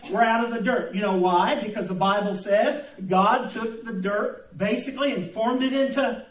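A man preaching a sermon in a church, folksy and joking as he tells anecdotes. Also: high voice. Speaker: pastor. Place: church sanctuary. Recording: echoey room, distant mic.

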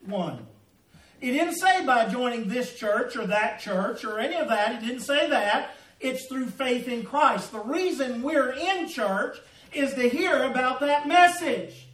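A man's voice: very high-pitched, animated, unhurried, fairly bright tone, echoey room, distant mic, low-quality recording. A middle-aged man preaching a sermon as pastor, folksy and humorous, calling out to his congregation. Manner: folksy preaching with humor and audience call-outs. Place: church sanctuary.

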